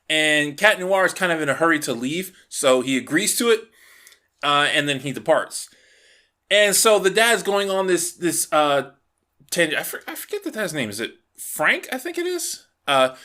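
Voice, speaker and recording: A man's voice: fairly high pitch, sharp tone. A man giving a casual, rambling episode recap, often correcting himself and laughing as he goes. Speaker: show reviewer.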